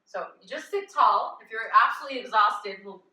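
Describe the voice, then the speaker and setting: A woman yoga teacher guiding a live chair yoga class with gentle, chatty instructions and easy laughs. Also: a little high, fairly quick. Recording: echoey room, voice from a distance.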